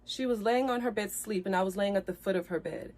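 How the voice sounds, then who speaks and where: A woman speaking tells viewers about a painful breakup on a live stream. Her voice sits at an ordinary middle pitch. She is upset and close to tears, circles back over her own phrases, and climbs loud and heated as she gets into the fights. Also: quick pace. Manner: addresses viewers directly, repeats phrases, grows loud and heated when recounting fights. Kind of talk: emotional live-stream storytelling.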